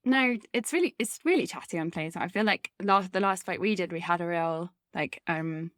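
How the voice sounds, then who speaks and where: Giggly lower-voiced woman co-host. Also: moderate pace, a bit bright, no room sound, clean studio sound. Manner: giggly, self-deprecating, overthinks aloud. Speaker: podcast co-host. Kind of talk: casual chat.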